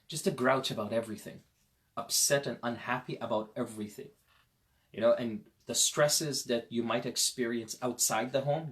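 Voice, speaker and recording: A man teaching a parenting lecture on a Quran verse, telling stories with lively swings between loud emphasis and quiet asides, and speaking directly to parents. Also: mid-range voice. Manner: conversational, addresses parents directly. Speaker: Islamic teacher.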